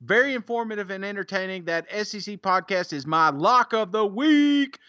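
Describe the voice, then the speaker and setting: A man's voice: sits high, a little fast, bright, forceful tone, no room sound, dull audio. A man co-hosting a podcast, reading out listener reviews in a casual, teasing way and laughing often. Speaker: podcast co-host.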